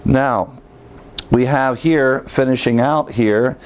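A man's voice: medium pitch, takes it slowly, clean tone. A man teaching a Bible lesson in a conversational way, with fillers and rhetorical questions to his listeners.

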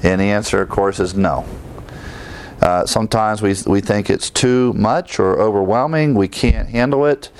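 Man teaching a Bible sermon, smooth low voice. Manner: asks the listeners rhetorical questions; explains verse by verse, often pausing to restart. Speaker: preacher.

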